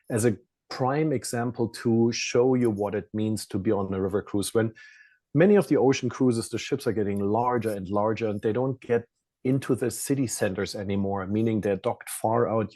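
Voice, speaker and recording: A man with a German accent, a cruise line business development director, giving an enthusiastic webinar presentation and often clearing his throat. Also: medium pitch, mellow.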